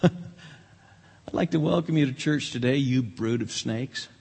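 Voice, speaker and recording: Slow, husky-voiced preacher in a hall. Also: male voice, medium pitch, darkish tone. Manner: emphatic, with dramatic quoted voices. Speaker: pastor. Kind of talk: sermon. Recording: long hall reverb.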